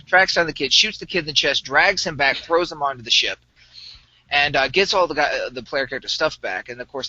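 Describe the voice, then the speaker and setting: A man game master telling a tabletop game story in an animated, laughing manner. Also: a little high, dry recording. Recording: dull lo-fi dry podcast audio.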